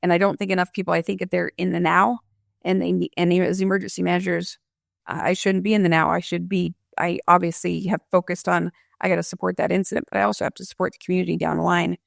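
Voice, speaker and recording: A woman emergency management director talks through her approach in a calm, explanatory manner. Her voice is strongly gravelly, full of vocal fry. The recording is dry and close, with no room echo. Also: fairly low pitch. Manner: measured, explanatory, gives worked examples. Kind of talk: interview guest answer.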